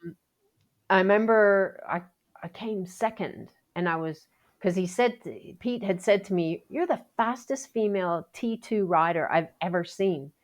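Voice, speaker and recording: A woman's voice: mid-range voice, unhurried. A woman from Canada, a Paralympic athlete guest telling her story in a casual podcast interview, acting out quotes with lots of restarts. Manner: animated storyteller, acts out quotes, frequent restarts.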